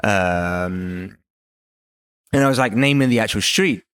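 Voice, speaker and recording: A man's voice: fairly low pitch, slow pace, fairly bright tone, smooth, no room sound, clean studio sound. A man whose first language is Italian, chatting casually and explaining patiently in slightly broken English. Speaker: business owner. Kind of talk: casual chat.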